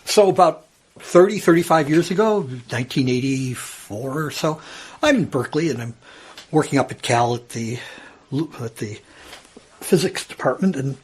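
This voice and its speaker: A man's voice: fairly high pitch, normal speed, breathy edge. A man in his sixties, casually telling a long personal story at home and acting out the people he quotes. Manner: animated storyteller, acts out quoted voices. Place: old house at home.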